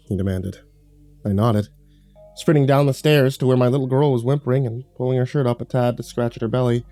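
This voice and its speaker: Dark-voiced male horror narrator. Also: medium pitch, brisk, no echo. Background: faint music.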